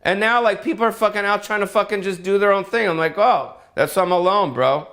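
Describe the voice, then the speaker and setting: A man's voice: high-pitched, brisk, a bit bright. Brash, profane middle-aged male comedian. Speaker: comedian hosting his own show. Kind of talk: solo comedic rant. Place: home in Las Vegas.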